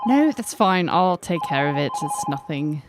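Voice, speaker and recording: A woman's voice: low voice, sing-song, moderate pace, loud music behind the voice. A woman voicing a nervous, secretive office worker in a flustered manner. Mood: evasive.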